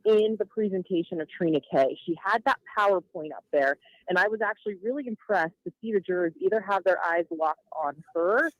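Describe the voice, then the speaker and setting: A woman court reporter delivers a measured, detailed live update with the odd uh. Her voice comes through a dull remote feed, dry and close, with little room sound. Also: fairly low pitch, animated, dry recording. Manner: measured, detailed, with some uhs.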